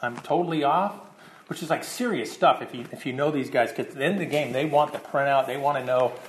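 A man's voice: medium pitch, fast talker, echoey room, slight background noise. A middle-aged man preaching a sermon, telling a personal story in a casual way, often repeating words and restarting. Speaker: pastor.

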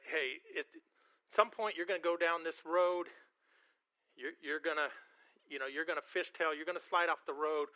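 Pastor, male, very bright tone, storytelling sermon, slightly dull lo-fi recording. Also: high-pitched. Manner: storytelling, repeats words often.

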